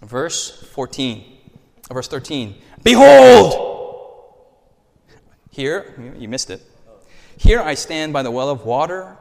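A man preaching a sermon in an animated, joking way, often quizzing the congregation. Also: medium pitch, unhurried, big-room sound. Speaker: pastor. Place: church hall.

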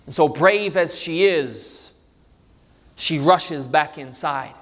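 A man's voice: fairly high pitch, slow pace, fairly bright tone, long reverb tail. A man preaching a sermon, telling a story with emphatic repetition. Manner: emphatic storytelling, repeats for stress.

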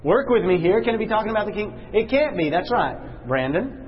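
Man teaching a lively Bible class. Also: muffled recording, a little hiss or hum. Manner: questions the class, slows and drops low for emphasis.

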